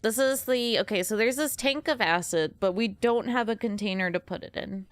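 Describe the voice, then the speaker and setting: A woman's voice: medium pitch, moderate pace, smooth, dry recording, soft background music. Sleepy, giggly woman streamer. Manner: rambling and giggly, talks to chat. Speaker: game streamer. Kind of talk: casual gameplay commentary.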